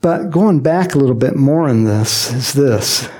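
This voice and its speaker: A man preaching a sermon in a lively, joking manner, acting out quotes and adding chuckling asides as he explains a Bible passage. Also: mid-range voice, unhurried. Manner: animated and jokey, acts out quotes, frequent chuckles and asides.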